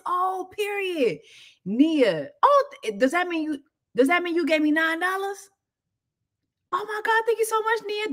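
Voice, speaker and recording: Bright, brassy woman gossiping. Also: fairly high pitch. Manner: loud, profane and laughing often; reads viewer comments aloud. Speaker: show host. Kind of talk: casual celebrity gossip commentary.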